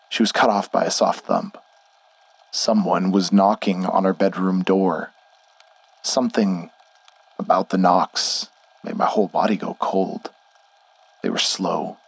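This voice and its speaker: A man narrating a horror story in a measured, deliberate way. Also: low voice, little pitch movement, slightly rough, dry recording.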